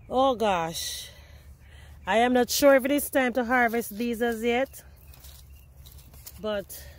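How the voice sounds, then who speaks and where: Slow-talking excitable woman gardening vlogger. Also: fairly high pitch. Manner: excitable, talks to viewers as guys. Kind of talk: casual gardening vlog. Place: outdoor garden beside a potato patch. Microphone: self-filmed camera.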